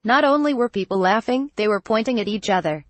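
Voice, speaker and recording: A synthetic-sounding female voice reads a news article aloud from start to finish, including photo credits and quoted punctuation. Her delivery is flat, brisk and read-out at a middle pitch. The audio is dry and close, with no room sound.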